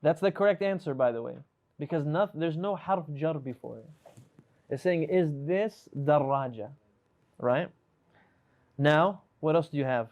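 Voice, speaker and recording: A man's voice: on the high side, a little slow, pauses often, phone-quality sound. Patient male teacher quizzing his students. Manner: patient, questioning, switches between English and Arabic terms. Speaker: Arabic teacher. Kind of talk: live online class, correcting students.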